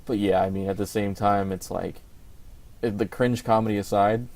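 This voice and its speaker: A man's voice: lowish voice, fairly even intonation, normal speed, gravelly, a little mellow. A young man co-hosting a podcast in casual chat, rambling with lots of fillers and restarts. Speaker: podcast co-host.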